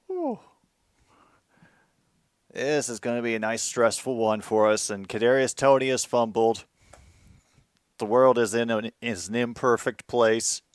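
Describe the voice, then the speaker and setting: A man hosting casual live commentary on a football game, moving from dry asides to excited outbursts. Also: mid-range voice, normal speed, clean tone, no echo.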